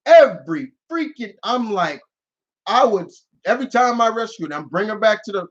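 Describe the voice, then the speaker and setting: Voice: mid-range voice, moderate pace. A streamer hosting a live Q&A, ranting in a casual, rambling way and slipping into acted voices. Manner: animated, rambling, acts out voices in quotes. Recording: dull lo-fi audio.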